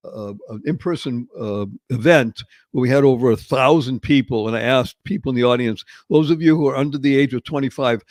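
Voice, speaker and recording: A man's voice: mid-range voice, darkish tone, no room sound. A man hosting a podcast in casual chat, upbeat, breaking in with asides and summing up the story. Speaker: podcast host.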